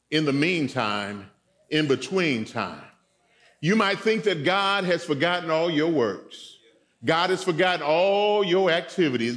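High-voiced man preaching with energy. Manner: animated, playful retelling with voiced characters and audience call-outs. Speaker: guest preacher. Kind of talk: storytelling sermon. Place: church.

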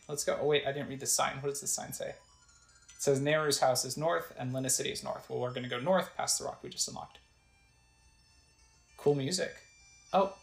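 A woman with a rumbling low voice casually narrates a let's play, describing what's on screen and reading the game's text aloud. The room is echoey and the recording is low quality.

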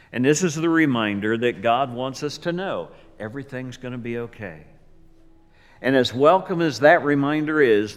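A male pastor preaching a sermon, slow and deliberate, swinging from loud emphasis to near whispers. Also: mid-range voice. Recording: long reverb of a large hall.

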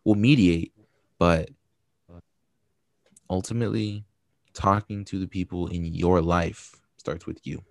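A man's voice: deep voice, steady tone, takes it slowly, vocal fry, pauses often, no room sound, studio quality. A man co-hosting a podcast, giving frank, supportive advice in casual chat full of fillers. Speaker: podcast co-host.

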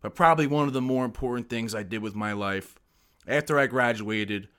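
A man's voice: mid-range voice, a little fast, a bit bright, clear, resonant tone. A young man from the United States, a guest on a podcast, telling stories in a brash, boisterous way full of swearing. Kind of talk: casual podcast storytelling.

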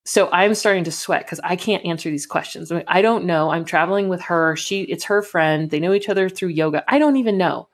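A young woman in casual chat, telling a story in an animated way and acting out the dialogue. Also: lowish voice, brisk, few pauses.

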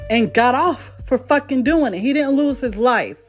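Fired-up woman ranting, soft music behind. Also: sits high, lively intonation, normal speed. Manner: heated, profane, repetitive. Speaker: vlogger. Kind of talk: impassioned monologue rant.

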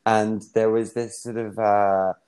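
A man's voice: on the low side, slow, clean tone. A young man, a guest, telling stories casually with frequent laughter. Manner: relaxed, giggly storytelling. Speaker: podcast guest, actor and writer. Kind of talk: casual chat between friends. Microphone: remote call app.

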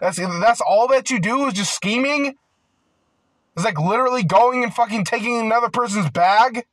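A young man in a casual ranting monologue, rambling with constant filler words and swearing, growing loud and heated at times. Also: very high voice, moderate pace, dry recording. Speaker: vlogger.

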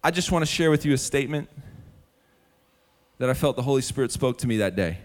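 A male preacher and musician delivering a sermon, telling stories animatedly to the congregation and then dropping to a hushed, earnest tone. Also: mid-range voice, quick pace, long pauses. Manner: animated storytelling with sudden drops to a hushed, earnest tone; direct address to the congregation.

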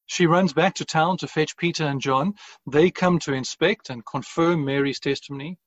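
A man preaching a sermon as pastor, in an earnest, measured way with deliberate pauses. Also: fairly high pitch, dry recording, dull audio.

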